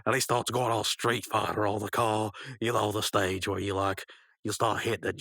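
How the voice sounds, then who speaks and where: A man co-hosting a podcast, casually recapping a cartoon episode in a rambling, animated way. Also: lowish voice, a little fast, no echo. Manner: rambling, animated, acts out quotes. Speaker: podcast co-host.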